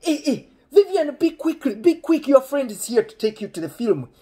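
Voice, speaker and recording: A man voicing an eager older father who fusses with excited exclamations and stammered repeats. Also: extremely high pitch, brisk, husky, voice pushed up, exaggerated voice. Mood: excited fussing.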